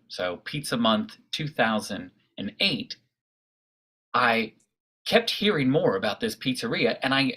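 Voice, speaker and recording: Bright-voiced man telling a story. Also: medium pitch, husky. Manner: halting, with many fillers and restarts. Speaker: storyteller, pizza blogger. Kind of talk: live storytelling performance. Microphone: video call.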